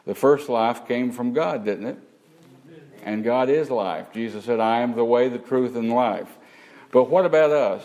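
A man's voice: mid-range voice, a little mellow, rough recording. A man preaching a teaching sermon, asking the congregation rhetorical questions.

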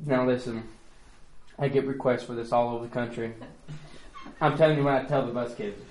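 A middle-aged man, teaching a bus ministry workshop in a playful, animated way and breaking into song. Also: medium pitch, a little fast, a little hiss or hum. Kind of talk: training talk with sung examples.

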